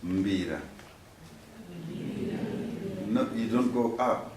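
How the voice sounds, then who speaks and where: A man's voice: mid-range voice, expressive, unhurried, noisy background. A man, a Shona speaker, patiently teaching a music workshop and leading the group in repeating words after him. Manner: patient, demonstrative, leads group repetition. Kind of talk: teaching a workshop with call-and-response. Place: workshop room. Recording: echoey room from a distance.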